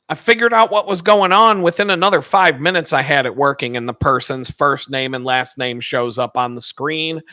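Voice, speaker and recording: Male channel host, casual profane storyteller, bright forceful voice, dry close sound. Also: mid-range voice, no echo. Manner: animated, profane, acts out the people he quotes.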